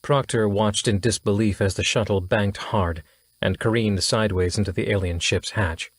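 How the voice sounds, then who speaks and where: A man narrating a science fiction audiobook in a steady, even storytelling manner. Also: lowish voice, normal speed, no room sound, studio quality. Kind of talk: scripted narration.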